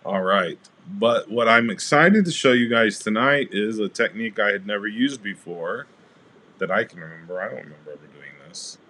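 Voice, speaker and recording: Hosting a casual crafting livestream, a man with a lowish voice speaks at a moderate pace, greeting viewers by name as he shows off his cards. He's relaxed and rambles with plenty of fillers.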